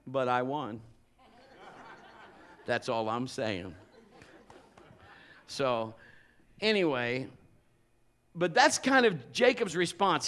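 Guy preaching, lively funny storyteller, kinda high voice. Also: slight background noise. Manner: animated, humorous storytelling. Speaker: pastor. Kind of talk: sermon.

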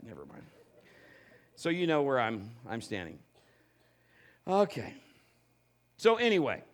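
A middle-aged man, a pastor, giving a humorous sermon full of stories and acted-out quotes. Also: fairly high pitch. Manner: storytelling with acted quotes, animated and joking.

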